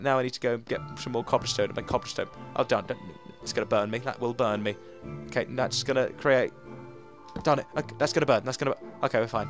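A man's voice: medium pitch, a bit bright. A young English man chatting through a game, narrating his moves and mocking himself. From England. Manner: chatty, self-mocking, talks to himself while playing. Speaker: gaming YouTuber. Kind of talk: let's play commentary.

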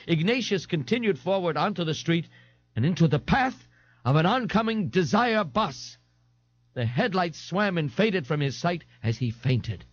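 Expressive male reader for a comic novel, lively delivery, lo-fi. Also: a little high. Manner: expressive, animated. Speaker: audiobook narrator. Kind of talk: dramatic audiobook reading. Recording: dull lo-fi 1980s audiobook tape.

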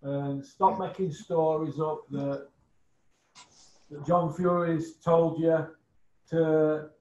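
A man's voice: on the high side, steady tone, slow, warm tone. A man hosting a casual chat show, jokey and chatty. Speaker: host. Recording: echoey dull room sound.

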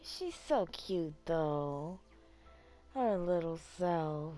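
A woman's voice: low-pitched, animated, drawn-out words, dark tone, soft background music. A woman giving casual commentary while playing a life-sim game, chatting freely, swearing often and talking to her characters. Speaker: gaming channel host.

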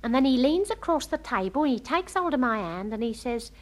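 Comic monologue: actress as a gossipy, starry-eyed young working-class girl, high-ish and very animated, homely grammar. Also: fairly quick. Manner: lively, breathless gossiping storyteller; homely ungrammatical speech.

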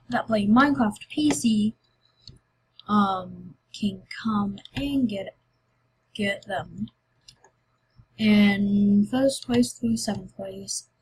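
A woman's voice: mid-range voice, slight background noise, low-quality recording. A woman YouTuber chatting casually and rambling through a game giveaway video. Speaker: Minecraft YouTuber.

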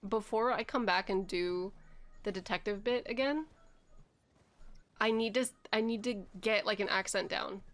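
A woman's voice: mid-range voice, normal speed, fairly bright tone. A woman chatting casually on a game live stream, giggly and often laughing.

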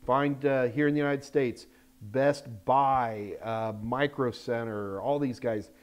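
An older man hosting a live question-and-answer stream, talking bluntly and emphatically and getting loud when frustrated. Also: medium pitch, steady tone, slow pace, smooth. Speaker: host answering viewer questions. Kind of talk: live Q&A chat. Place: Texas, United States.

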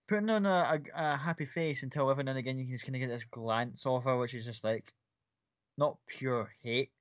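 Man running a tabletop game, muffled. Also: mid-range voice. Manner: casual, rambling, laughs easily. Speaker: game master. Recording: muffled lo-fi recording. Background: faint background music.

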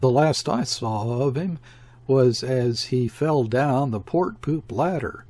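A man's voice: medium pitch, slow pace, a little mellow. A man voicing a nervous male sailor at the helm, speaking in a rattled, jittery way.

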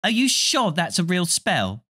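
A man reading aloud voices a bossy, fast-talking know-it-all schoolgirl in a storybook. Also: very high voice, sing-song, a bit bright, voice pushed up, heavily acted. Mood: bossy eager. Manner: rapid and bossy.

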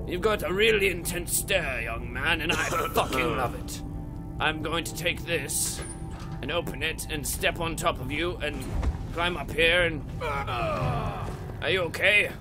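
Gamer guy, high lively voice, crude and loud, swearing through a drunk let's-play with game music underneath. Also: a little slow. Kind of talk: drunk gameplay commentary.

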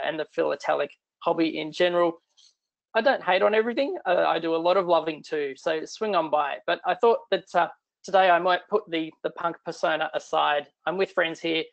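Australian man, irreverent and self-deprecating, casual talk, gravelly. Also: fairly high pitch, muffled recording. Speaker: guest speaker.

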